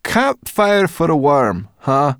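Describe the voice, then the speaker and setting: A man's voice: medium pitch, expressive, normal speed, no room sound, clean studio sound, voice pushed up, close to an everyday voice. A man voicing a feisty, stubborn female forest brownie who talks bluntly and insistently.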